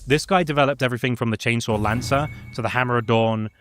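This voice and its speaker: A man's voice: mid-range voice, fast talker, a bit bright, a little hiss or hum. A man casually recapping a video game's story in a chatty way, with many fillers. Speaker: gaming lore presenter. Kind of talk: casual lore recap chat.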